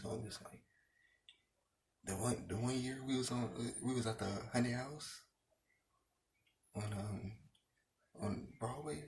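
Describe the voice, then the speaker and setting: A man's voice: fairly low pitch, a little hiss or hum. A young man telling a rambling, profane story about his school days in casual talk, repeating himself often.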